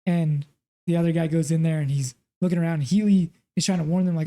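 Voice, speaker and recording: A man's voice: a little high, steady tone, fairly quick, warm tone. Rambling man retelling a movie plot. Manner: rambling retelling of film scenes with many fillers. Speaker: podcast co-host. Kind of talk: casual film review chat.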